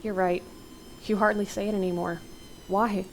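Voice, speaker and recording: A woman reading the lines of a warm, steady married woman in plain dialogue. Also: mid-range voice, normal speed, a little hiss or hum, close to an everyday voice. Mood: tender.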